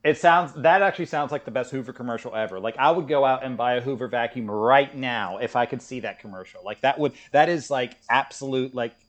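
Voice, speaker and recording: A man's voice: medium pitch, brisk, few pauses, muffled recording. A man with a mid-range voice chatting casually as a co-host. He talks in a loose, rambling way and leans on "like" again and again. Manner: chatty, lots of "like" fillers. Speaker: podcast co-host. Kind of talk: casual chat.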